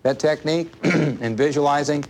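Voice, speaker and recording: A man's voice: a little high, moderate pace. Conversational man teaching a live seminar. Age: adult, parent of a small child. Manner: conversational, repeats points and quizzes the audience. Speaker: workshop instructor.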